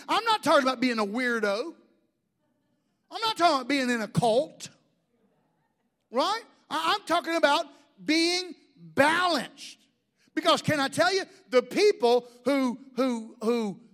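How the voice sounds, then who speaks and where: A man. He keeps the sermon lively with jokes, asides and stumbling restarts. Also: very high voice, measured pace. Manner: animated, joking storyteller with many restarts. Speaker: pastor.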